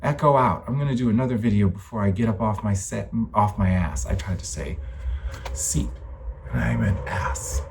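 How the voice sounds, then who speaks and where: Young guy ranting alone on his vlog, lowish voice, emphatic and rambling, swears a lot. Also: normal speed, vocal fry, a little hiss or hum. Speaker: vlogger. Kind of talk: impassioned personal monologue.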